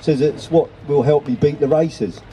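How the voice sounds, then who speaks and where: A man voicing an excitable Cockney pigeon, high, soft dark tone, storybook reading. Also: normal speed, a little hiss or hum, close to an everyday voice, low-quality recording. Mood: sheepish. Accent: Cockney, put on. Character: cheeky male Cockney pigeon, eager.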